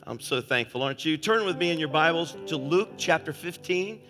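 A man preaching as a visiting minister in a church through a face-worn mic, fervent, rising to shouts and dropping soft. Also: fairly high pitch, lively intonation, a little fast. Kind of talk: sermon. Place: church sanctuary. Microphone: face-worn headset microphone. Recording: long hall reverb with faint instrument music.

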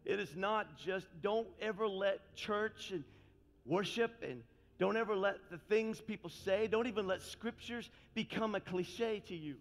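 A man preaching a sermon as pastor, talking fast and frankly, then building into impassioned, fiery calls to his congregation. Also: high-pitched. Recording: long reverb with faint music.

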